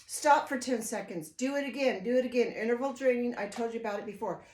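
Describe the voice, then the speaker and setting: Speaking fast in a slightly mellow, high-leaning voice, an older woman rambles to the camera at home. Her casual vlog is emotional and full of restarts, recorded in a room with echo.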